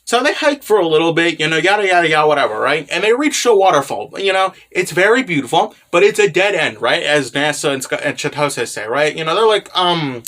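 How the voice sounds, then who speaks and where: A man's voice: a little high, expressive, fast, hardly any pauses, a bit bright. A man casually recapping a manga chapter, rambling loosely with lots of fillers and tag questions, and dropping sarcastic asides. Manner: filler-heavy, keeps tagging "right?" and "you know".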